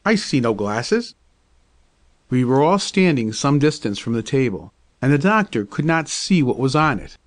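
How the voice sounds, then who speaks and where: A man narrating a storybook tale in a measured, even reading voice. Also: medium pitch, no echo.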